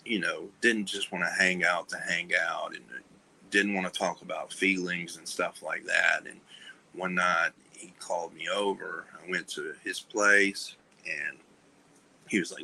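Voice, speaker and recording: A man speaking as a podcast guest, telling a personal story candidly in a halting way, with many fillers and restarts, and often trailing off softly. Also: sits low, steady tone, creaky, slight background noise, rough recording. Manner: soft-spoken, trailing off. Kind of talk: candid conversation about recovery.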